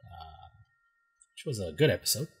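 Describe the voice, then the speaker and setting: A man hosting a podcast, recapping a TV show in relaxed, slangy chat. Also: sits low, normal speed, slightly rough. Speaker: podcast host. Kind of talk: casual chat.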